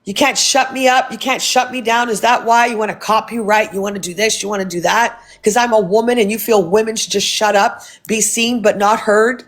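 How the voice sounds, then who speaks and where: A woman's voice: fairly high pitch, steady tone, brisk, hardly any pauses. A woman hosting a phone livestream, ranting in a heated, profane and confrontational way while thanking viewers for gifts. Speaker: livestream host. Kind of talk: casual livestream rant.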